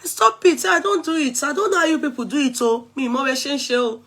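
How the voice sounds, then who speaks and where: Animated Nigerian woman ranting, a bit high. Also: fast talker. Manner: animated, code-switching between English, Yoruba and pidgin. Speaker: vlogger. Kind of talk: casual chatty rant.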